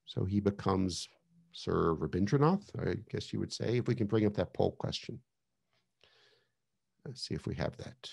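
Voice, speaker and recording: A man's voice: fairly low pitch, lively intonation, moderate pace, creaky, pauses often, darkish tone, breathy edge. A man giving a casual online lecture over a video call, chatty, with many fillers and restarts.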